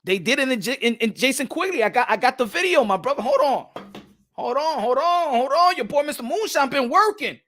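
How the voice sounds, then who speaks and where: A young man hosting a boxing talk stream, animated and swearing freely as he reads the chat. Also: very high-pitched, a little fast. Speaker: boxing commentator host.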